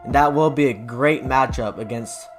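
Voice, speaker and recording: A man's voice: medium pitch, normal speed, faint music behind. A young man hosting a sports channel, giving casual football predictions in a rambling, offhand way. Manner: rambling, offhand, loose with fillers and restarts.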